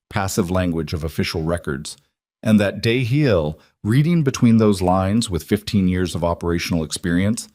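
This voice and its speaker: A man narrating a scripted drama story in a measured way with dramatic pauses. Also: lowish voice, darkish tone.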